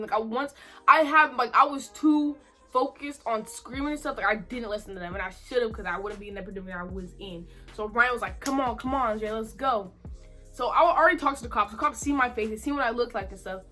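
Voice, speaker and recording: A young adult woman telling a casual storytime, animated and slangy, repeating herself for emphasis. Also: fairly high pitch. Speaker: vlogger.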